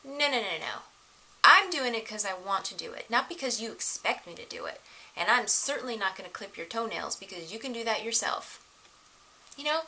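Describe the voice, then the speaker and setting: A middle-aged woman giving casual relationship advice to the camera, animated and laughing often as she acts out the voices of others. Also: mid-range voice, fairly quick, rough recording.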